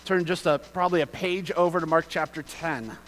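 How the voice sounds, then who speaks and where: Slightly high-pitched and a little fast, a pastor reads scripture and explains it during his sermon, building from quiet reading to loud, fervent emphasis. The recording is low quality with slight background noise.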